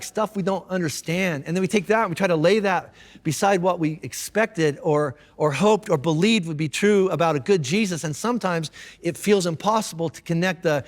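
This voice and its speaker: A male pastor preaches in a casual, talky way and often restarts his phrases. His voice sits high for a man. It carries a long reverb from a large church hall. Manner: casual, conversational, repeats words. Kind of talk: sermon. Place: church auditorium.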